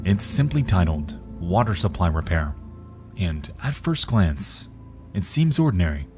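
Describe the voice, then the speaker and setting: A man giving a measured, ominous scripted narration for an internet mystery video. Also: sits low, big pitch swings, over music.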